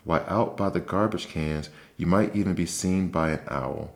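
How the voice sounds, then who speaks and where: A worried mother mouse who frets and pleads, always fussing over her children, as a man puts her on. The voice is a soft bedtime-story reading, lifted a little above the reader's own low voice. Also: normal speed. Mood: pleading. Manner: fretful, pleading.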